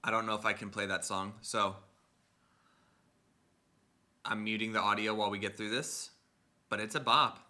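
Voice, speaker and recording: A man's voice: fairly low pitch, fairly even intonation, a little fast, sharp tone, slight background noise. A man chatting casually and rambling as he reacts live to a stream. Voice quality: rambling, chatty, talks over the broadcast.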